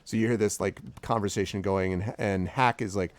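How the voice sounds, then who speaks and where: A man's voice: lowish voice, steady tone, brisk, no echo. A man narrating as dungeon master for a tabletop game, enthusiastic and rambling.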